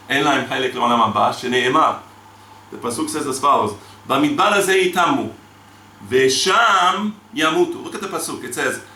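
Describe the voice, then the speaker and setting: A man's voice: mid-range voice, pushed and bright, a little hiss or hum. A male rabbi giving a spoken Torah class, dramatic, with rhetorical questions and sweeping emphasis, mixing in Hebrew terms and reading Talmud aloud. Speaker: rabbi teaching the weekly Torah portion. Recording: echoey room, mic at a distance.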